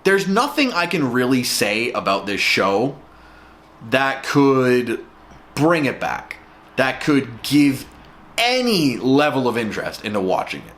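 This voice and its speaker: A man's voice: mid-range voice, sing-song, slow, fairly bright tone. Exasperated man ranting in a review. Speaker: show reviewer.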